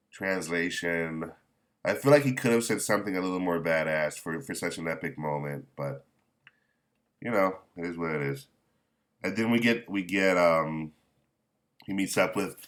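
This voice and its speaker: A man chatting casually as a manga reviewer, rambling and halting, with candid, mildly profane remarks. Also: deep voice, a bit bright. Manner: rambling, halting with many restarts. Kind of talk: casual chat.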